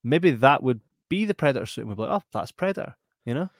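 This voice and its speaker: A man with a Scottish accent hosting a podcast in casual chat, animated and laughing as he reads out viewer comments. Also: medium pitch, fast talker, no echo, studio quality. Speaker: podcast host.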